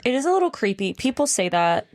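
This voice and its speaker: A young woman co-hosting a podcast in easy casual conversation. She tells stories in an animated, enthusiastic way and leans on fillers. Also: fairly high pitch, fast talker. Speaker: podcast co-host. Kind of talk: casual chat.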